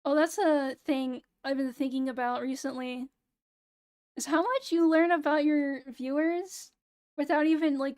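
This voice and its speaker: A young woman with a fairly high voice chats casually to her stream in a hoarse, flat, near-monotone way. Her delivery stays low in energy and sounds close to tears. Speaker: VTuber streamer. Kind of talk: casual late-night stream chat.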